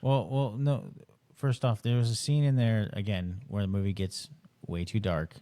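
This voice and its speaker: Laid-back low-voiced male co-host. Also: fairly even intonation, dark tone. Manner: laid-back, halting, many restarts. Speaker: podcast co-host. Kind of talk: casual chat.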